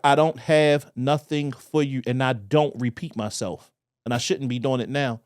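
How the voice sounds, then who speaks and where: A man with a Baltimore accent telling a profane, animated story on a casual podcast, acting out voices as he goes. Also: medium pitch, moderate pace, no echo, clean studio sound. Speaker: podcast co-host.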